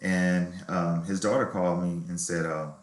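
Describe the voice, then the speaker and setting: A man's voice: low voice, fairly even intonation, normal speed. A middle-aged man, a novelist, telling his life story in a reflective, candid way during an interview. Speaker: novelist guest. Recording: roomy echo.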